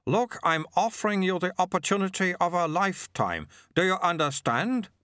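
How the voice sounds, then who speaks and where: A man's voice: sits high, lively intonation, fairly bright tone, smooth, no echo, clean studio sound, pitched above the performer's own voice. A man doing a sardonic secret monk. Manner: brisk and sardonic. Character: brisk, dry-witted male monk recruiter.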